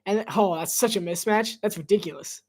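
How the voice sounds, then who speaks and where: A man's voice: sits high, fairly quick. A man doing casual live play-by-play commentary on his own, chatty and self-deprecating and laughing often. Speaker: solo sports commentator.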